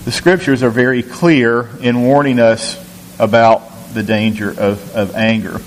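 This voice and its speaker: A man of middle pitch teaches a recorded Bible lesson, earnest and questioning, often repeating a word as he gathers his thought. His voice carries a long reverb, with a faint hum underneath. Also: fairly even intonation, a little slow. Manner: earnest, questioning, repeats words while thinking.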